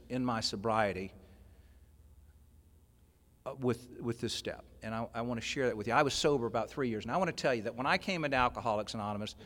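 A man telling a personal story to a convention audience, animated, swinging from loud, excited stretches to low, quiet asides. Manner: animated storyteller, rising to near shouting, dropping low and quiet. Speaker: workshop speaker at a recovery convention. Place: large convention hall. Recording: long hall reverb.

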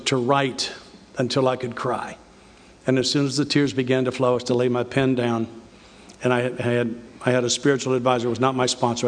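Older guy telling his recovery story, earnest and halting, big echoey hall. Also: medium pitch. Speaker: recovery speaker. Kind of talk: recovery meeting talk. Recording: reverberant hall.

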